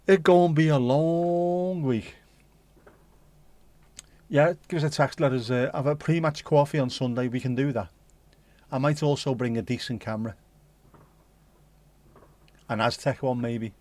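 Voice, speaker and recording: This is a man hosting a relaxed livestream, wandering from one aside to the next with slang and the odd swear word. His voice sits in an ordinary middle pitch. The sound is dry and close, with no room echo. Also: moderate pace, pauses often. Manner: rambling, jokey and sweary, full of British slang. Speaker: livestream host. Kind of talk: casual livestream chat, reading out viewer messages.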